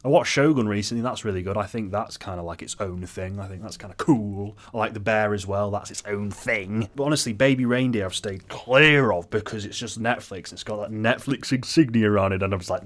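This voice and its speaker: Young guy ranting, lots of swearing, over the top and making fun of himself, lowish voice. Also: a little fast, hardly any pauses. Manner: sweary, hyperbolic, self-mocking rant. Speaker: video essayist. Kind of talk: ranting video essay.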